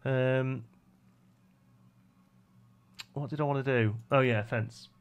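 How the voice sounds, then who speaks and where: A man's voice: medium pitch, steady tone, slow, smooth. Chatty man with a Brummie accent. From West Midlands, England. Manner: chatty, reads chat aloud and answers viewers. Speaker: live-stream host. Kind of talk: casual live-stream chat while building.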